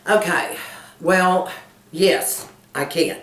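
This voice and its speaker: Low-voiced woman in her 50s, chatty folksy coach, laughs a lot, echoey room, kinda far from the mic. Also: normal speed. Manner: folksy, animated storyteller who laughs often. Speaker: lifestyle coach and channel host. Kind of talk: casual chat answering viewer questions.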